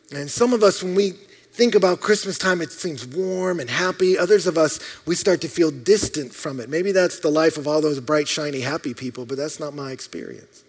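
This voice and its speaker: Male pastor, high voice, lively storytelling sermon, loud-to-soft swings. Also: a little fast.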